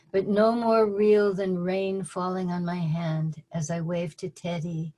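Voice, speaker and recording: Slow, low-voiced older woman poet. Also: a little mellow, low-quality recording. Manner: measured, deliberate reading with dry spoken asides. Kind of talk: poetry reading at a virtual open mic. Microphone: video call.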